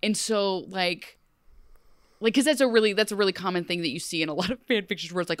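A young woman co-hosting a casual TV recap podcast, talking fast and chatty with lots of fillers and jokes. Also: mid-range voice, no room sound. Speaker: podcast co-host.

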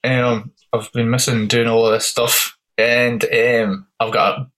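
A man co-hosting a music podcast, talking casually with many ums and pauses. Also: medium pitch, little pitch movement, a bit bright, low-quality recording. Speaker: podcast co-host.

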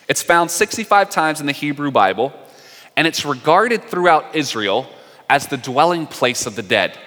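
A man's voice: fairly high pitch, bright, forceful tone, long reverb tail. A man preaching a sermon as pastor, conversational and explanatory, with casual asides.

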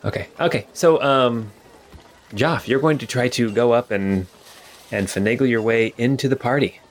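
A man's voice: medium pitch, normal speed. A man narrating as game master, rambling with many fillers and restarts.

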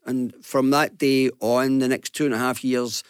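Glaswegian businessman on a radio panel, chatty anecdotal delivery, average pitch, dry studio mic. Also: moderate pace, smooth, no room sound. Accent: Glaswegian Scottish. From Glasgow, Scotland. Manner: lively storyteller, acts out quotes, chuckles.

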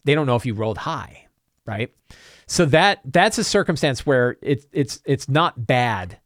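A man hosting a talk show, chatting casually and answering viewer questions in a rambling, animated way. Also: mid-range voice, unhurried, no echo, clean studio sound. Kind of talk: casual chat.

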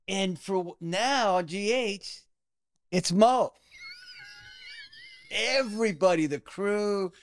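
A middle-aged man hosting a casual conversation, playful and expressive as he tells his own stories. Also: sits high, takes it slowly, long pauses. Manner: expressive, playful, earnest asides. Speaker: podcast host.

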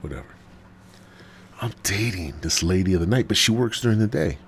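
Deep-voiced man rambling a profane story. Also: lively intonation, brisk, creaky, a little hiss or hum. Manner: rambling, profane, many fillers, dips into whispers. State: smoking while talking, coughing. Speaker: podcast host. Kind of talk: casual storytelling monologue.

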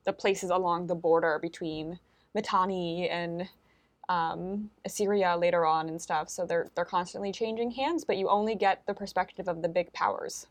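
A woman's voice: fairly low pitch, fairly even intonation, moderate pace. A woman co-hosting a podcast, talking casually about ancient history with many fillers and restarts. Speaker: podcast co-host.

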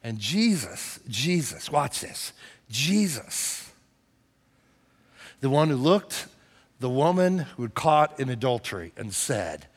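A middle-aged man preaching a sermon as pastor, telling a story that swells to loud excited peaks and drops to hushed tones. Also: medium pitch, slow, pauses often. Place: church sanctuary. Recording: long hall reverb.

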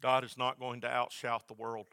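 A male pastor preaching a sermon, swinging from loud, repeated emphasis down to a soft hush. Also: medium pitch, flat delivery, normal speed, clear, resonant tone, dry recording. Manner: builds to loud emphatic repetition, then drops to a soft hush.

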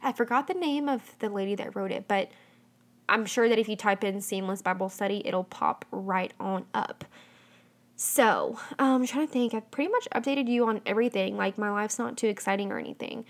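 A woman's voice: mid-range voice, normal speed. A young woman hosting a casual solo podcast, chatty and full of "um" and "like". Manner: chatty, heavy on fillers like "um" and "like". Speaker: podcast host.

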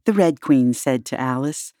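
A woman narrating a classic children's story as a volunteer reader, measured and unhurried. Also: very deep voice, lively intonation, dark tone, dry recording, studio quality. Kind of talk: audiobook narration.

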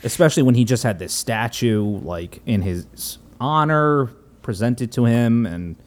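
Man recapping with halting fillers. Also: medium pitch, lively intonation. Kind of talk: casual chat.

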